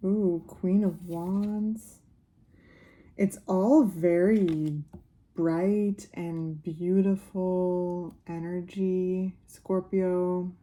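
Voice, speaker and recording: Slow, mellow-voiced woman reading tarot. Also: on the low side, steady tone. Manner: unhurried and musing, many fillers, speaks warmly to viewers. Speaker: tarot reader. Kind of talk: casual tarot reading to camera.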